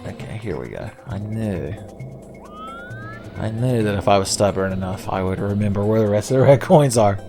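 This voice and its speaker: A man's voice: fairly low pitch, expressive, moderate pace, music in the background. A man hosting a casual let's-play video, rambling with sarcastic, profane jokes. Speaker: gaming video host.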